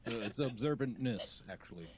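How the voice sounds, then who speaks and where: A man playing a tabletop game who talks in a hesitant, halting way. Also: medium pitch, expressive, background noise. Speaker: player.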